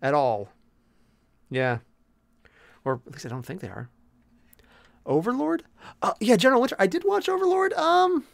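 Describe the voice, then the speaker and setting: A young man chatting with his live-stream viewers as he paints miniatures, joking freely. His voice sits a bit high and swings around a lot, and the sound is close and dry. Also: gravelly, no room sound. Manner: animated, jokey, chatty with viewers. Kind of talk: casual live-stream chat.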